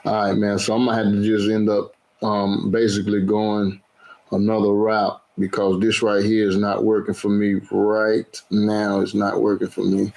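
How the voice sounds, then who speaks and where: A man's voice: lowish voice, completely flat delivery, moderate pace, creaky, a little mellow, rough recording. A man hosting his cooking channel's live stream, chatting casually, greeting viewers by name and repeating his phrases over and over.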